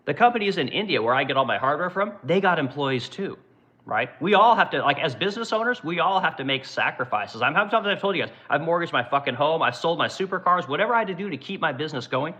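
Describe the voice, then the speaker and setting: A man's voice: fairly high pitch, animated, quick pace, pushed and bright, low-quality recording. A man in his forties from Oregon hosting a livestream, ranting in casual, profane commentary. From Oregon, USA. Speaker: livestream host and business owner.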